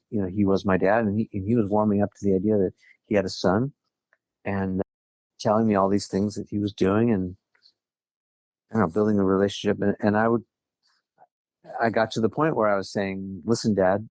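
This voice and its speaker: A man's voice: fairly low pitch, darkish tone, no room sound. A man from Southern California, a podcast guest, telling a personal story in a chatty way, quoting conversations and laughing lightly now and then. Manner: chatty, quotes others, frequent light laughs. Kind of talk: casual interview storytelling.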